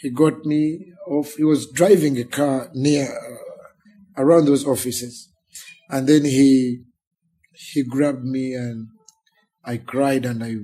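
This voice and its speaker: Husky Ugandan pastor telling his story. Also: mid-range voice, slow. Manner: animated storyteller who acts out the people in his story. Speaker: pastor, interview guest. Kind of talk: emotional storytelling in a sit-down interview.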